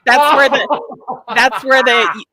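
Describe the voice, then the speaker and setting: A woman's voice: sits high, takes it slowly, bright, forceful tone. A woman hosting a live stream, chatting casually in a rambling, profane way with lots of fillers. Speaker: stream host. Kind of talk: casual commentary chat.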